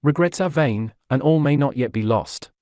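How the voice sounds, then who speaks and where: A man voicing a quick-witted young gentleman who speaks lightly and ironically. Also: mid-range voice, expressive, no room sound, clean studio sound, lightly acted. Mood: breezy rueful.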